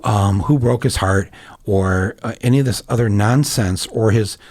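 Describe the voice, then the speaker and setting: A man's voice: lowish voice, normal speed, darkish tone. Rambling man hosting a chatty podcast. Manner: rambling, lots of restarts and fillers, jokey asides. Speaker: podcast host. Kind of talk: casual conversation.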